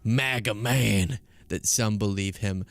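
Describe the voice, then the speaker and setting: A man's voice: lowish voice, slow, gravelly. Emphatic man in political commentary. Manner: emphatic, argumentative, sarcastic. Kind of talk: casual political commentary stream.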